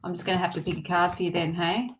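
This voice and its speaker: A woman's voice: on the low side, flat delivery, racing, music in the background. A middle-aged woman giving live tarot readings to viewers in a reassuring way, often repeating her phrases and restarting sentences. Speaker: tarot reader.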